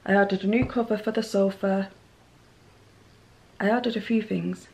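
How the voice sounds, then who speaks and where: A woman's voice: medium pitch, steady tone, normal speed, gravelly, darkish tone. A woman talking casually to her camera at home, rambling and poking fun at herself as she goes. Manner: rambling, chatty, self-deprecating. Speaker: lifestyle vlogger. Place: at home, indoors. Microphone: handheld camera mic.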